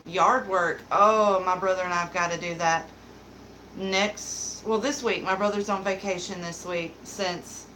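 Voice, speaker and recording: A woman's voice: lowish voice, fairly even intonation, a little slow, sharp tone, a little hiss or hum, poor audio. A woman hosting a casual home livestream, chatting and giggling as she reads viewer comments and talks to her dog. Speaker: livestream beauty host.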